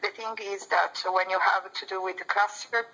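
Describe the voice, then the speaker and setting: A woman's voice: medium pitch, fairly even intonation, moderate pace, gravelly, bright, forceful tone, rough recording. A woman with an Italian accent, speaking English as a second language in a casual discussion, hesitant and full of fillers. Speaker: co-host.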